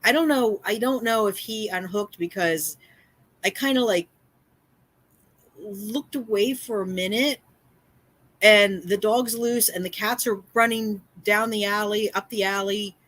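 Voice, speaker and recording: A woman speaking live to her chat, upset and shaken as she tells her story. She lands on her points by repeating them, and her sentences are broken up with fillers and restarts. Her voice sits at a middling pitch. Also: unhurried, a bit bright, dry recording. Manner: emphatic, repeats phrases, many fillers and restarts. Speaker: livestream host and community cat caretaker.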